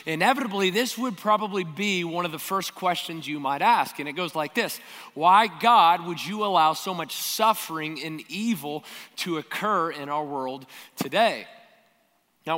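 A man's voice: a little high, bright, forceful tone, long reverb tail. A man preaching a sermon, talking earnestly and directly to the congregation and asking them rhetorical questions. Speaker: pastor.

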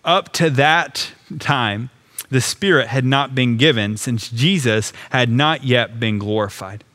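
A man's voice: medium pitch, takes it slowly, fairly bright tone. A man preaching a sermon, walking through a scripture passage in an earnest, conversational way. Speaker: pastor.

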